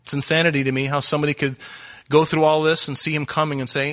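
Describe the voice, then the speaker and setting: A man's voice: a little high, little pitch movement, quick pace, sharp tone. A man preaching a sermon as pastor, earnest and urgent, asking the congregation many questions.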